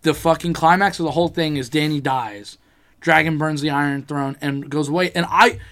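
Animated man, swearing a lot. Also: on the high side, moderate pace. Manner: animated, heavy swearing, acts out his own reactions. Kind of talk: casual chat about a TV show.

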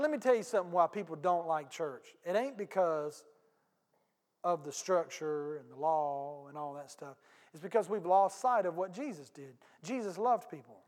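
A man's voice: high voice, fairly quick. A man, a pastor telling a story in a conversational, folksy sermon with asides to the congregation. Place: church sanctuary. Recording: long hall reverb.

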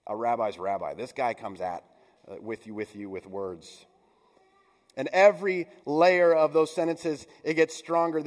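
Man preaching in a reverberant church. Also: mid-range voice. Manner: conversational, playful asides and mock voices. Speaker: pastor. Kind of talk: sermon. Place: church sanctuary.

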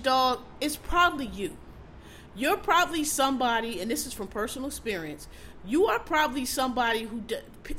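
A woman's voice: on the high side, sharp tone, slight background noise. Blunt, profane woman ranting. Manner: repeats points for emphasis. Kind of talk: casual opinion rant.

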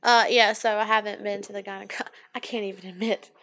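A young adult woman co-hosts a podcast, chatting casually through a long, rambling story in which she acts out the people involved and often says "anyway." Her voice is medium-pitched, steady, brisk and fairly bright.

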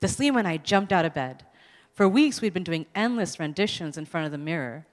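Woman author, live story reading, animated pitch, long hall reverb. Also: a little fast. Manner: expressive, amused, laughs between lines. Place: public event hall.

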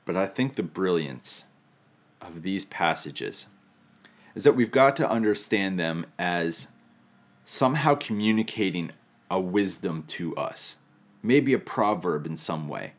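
A man's voice: low voice, lively intonation, a little slow. A man preaching a sermon, teaching reflectively with touches of humor. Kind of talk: sermon on scripture.

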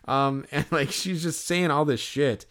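A man's voice: fairly high pitch, moderate pace, a bit bright. A young man co-hosting a podcast, telling a story in casual chat. He rambles and fills his speech with filler words. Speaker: podcast co-host.

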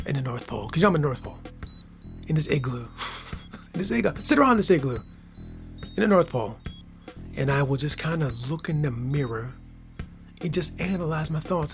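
Playful Michigan man rambling. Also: fairly high pitch. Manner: playful, laughing, swings between loud hype and soft whispers. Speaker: podcast host. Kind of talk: casual monologue.

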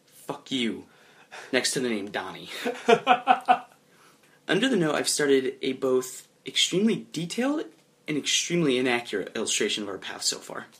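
A young man narrating his character's actions in a comedic tabletop role-play, chuckling as he goes. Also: medium pitch. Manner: animated, chuckling, drops into quick voiced asides.

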